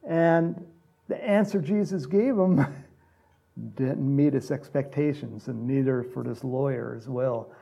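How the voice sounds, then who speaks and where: A man's voice: medium pitch, takes it slowly, creaky, dark tone, slightly rough. A man preaching a conversational sermon as a pastor, acting out Bible characters in little voices.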